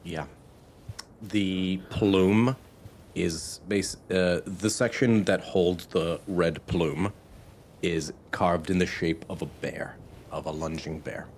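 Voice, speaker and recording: Deep-voiced man narrating as game master. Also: a little hiss or hum. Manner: calm, measured descriptive narration with some hesitations.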